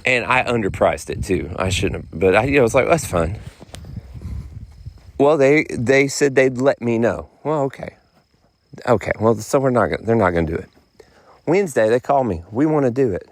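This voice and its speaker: A man's voice: medium pitch, lively intonation, brisk. A middle-aged man, rambling through a casual podcast monologue in folksy phrasing. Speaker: podcast host.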